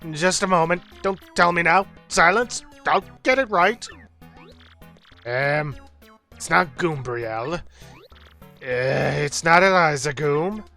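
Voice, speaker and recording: A man's voice: a little high, animated, slow, creaky, pauses often, sharp tone, faint music behind, voice pushed up, heavily acted. A man voicing an absent-minded old male professor, in a slightly southern old man voice. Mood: doddering.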